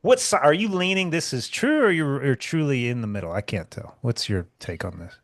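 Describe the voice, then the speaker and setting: A man co-hosting a casual podcast, asking probing questions in a relaxed, offhand way. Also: medium pitch, a little fast, no room sound, clean studio sound. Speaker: podcast co-host.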